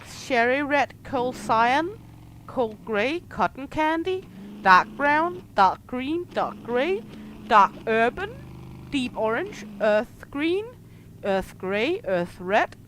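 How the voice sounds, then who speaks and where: Young adult woman streamer, danish first language, fairly high voice, explains gameplay over loud game noise. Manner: explaining game features, listing items. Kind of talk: gameplay livestream commentary. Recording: noisy game audio behind.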